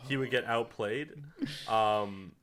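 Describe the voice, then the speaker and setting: A man's voice: lowish voice, slow, a bit bright. A young man co-hosting a casual podcast, laid-back and joking as he reviews an anime episode. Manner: laid-back, joking, with lots of fillers and restarts. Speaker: podcast co-host.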